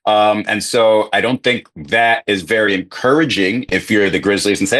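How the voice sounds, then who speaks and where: A man co-hosting a sports podcast, giving measured takes and settling low at the end of thoughts. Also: sharp tone. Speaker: podcast co-host. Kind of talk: casual sports talk.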